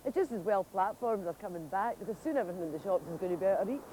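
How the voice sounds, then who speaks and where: A woman's voice: medium pitch, lively intonation, racing, warm tone, a little hiss or hum, poor audio. A woman with a Scottish accent giving a chatty, mocking comic monologue as a presenter.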